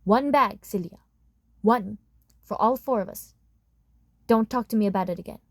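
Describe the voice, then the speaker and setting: A woman's voice: fairly high pitch, slow, no echo, studio quality, voice pushed up. A woman voicing a stern working-class immigrant father who speaks in a commanding way.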